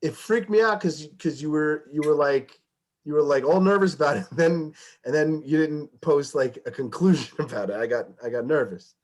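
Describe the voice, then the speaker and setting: A man hosting a podcast who talks in a halting, stammering way and laughs along with his guest. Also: on the high side, darkish tone. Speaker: podcast host. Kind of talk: casual chat.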